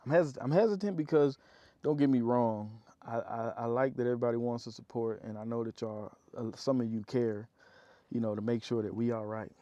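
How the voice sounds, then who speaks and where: A man's voice: medium pitch, steady tone, fairly quick, dark tone, no echo, highs cut off. A man vlogging from his off-grid homestead, rambling casually to his viewers and worn out from digging. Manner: rambling, talkative, addresses viewers as y'all. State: tired after digging.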